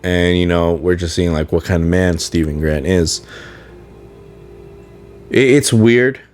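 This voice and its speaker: Low-voiced man rambling about a show. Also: slow, darkish tone, soft background music. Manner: rambling, searching for words. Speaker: podcast host. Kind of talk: casual solo review chat.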